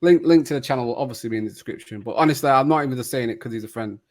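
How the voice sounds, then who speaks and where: A man hosting a casual kit-ranking chat, jokey and quick to laugh. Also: mid-range voice. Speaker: podcast host.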